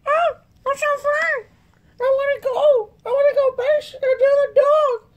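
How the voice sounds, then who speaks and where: A man's voice: extremely high pitch, steady tone, moderate pace, lo-fi sound, voice pushed up. A man voicing his pet dog, a small male dog, in a whiny crying voice. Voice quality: whining, crying voice.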